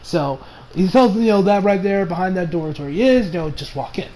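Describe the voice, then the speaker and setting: A man's voice: sits high, expressive, a little fast, a little mellow, poor audio. A young man casually reviewing an anime episode, rambling, swearing and often breaking into laughter.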